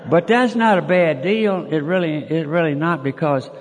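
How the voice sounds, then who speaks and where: Older man, folksy storyteller, slightly high voice, long hall reverb. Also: normal speed, noisy background. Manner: folksy, plainspoken, peppered with mild cursing. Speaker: speaker sharing his story. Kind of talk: personal storytelling to a group. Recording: echoey hall, audience laughter far off.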